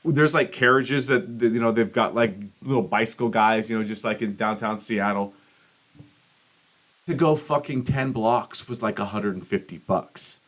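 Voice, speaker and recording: A middle-aged man hosting a podcast, telling a rambling, profane story and acting out quotes with big jumps in pitch. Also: normal speed, fairly bright tone. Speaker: podcast host. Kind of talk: casual monologue.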